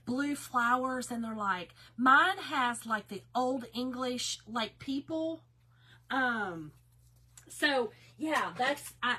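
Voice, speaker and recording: A woman with a Southern US accent hosting a live craft tutorial, chatting warmly with viewers and reading their comments aloud. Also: sits high. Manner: chatty and bubbly, reads viewer comments aloud, says y'all and girl. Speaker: craft host.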